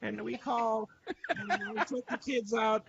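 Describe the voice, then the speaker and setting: A man voicing a flustered older Hispanic grandmother speaking broken, accented English, in a high, slow put-on voice. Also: huge pitch swings, vocal fry, exaggerated voice. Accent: put-on Spanish-tinged English. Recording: dull lo-fi sound, faint noise.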